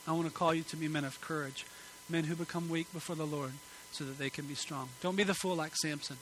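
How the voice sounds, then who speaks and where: Earnest, bright-voiced male preacher. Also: a little high, steady tone, quick pace, slight background noise, low-quality recording. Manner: earnest, emphatic preaching that drops to soft pleading. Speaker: pastor. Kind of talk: sermon. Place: church sanctuary.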